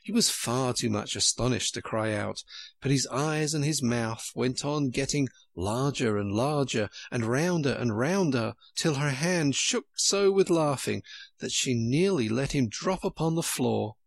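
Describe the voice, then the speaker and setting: A man narrating a storybook in a lively way. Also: medium pitch, unhurried, vocal fry, no room sound.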